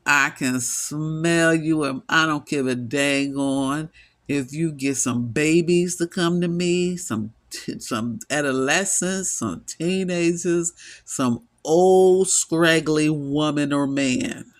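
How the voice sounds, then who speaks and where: A man's voice: on the high side, takes it slowly. A middle-aged man giving an impassioned solo monologue, weary, emphatic and repetitive as he stresses his points. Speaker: vlogger.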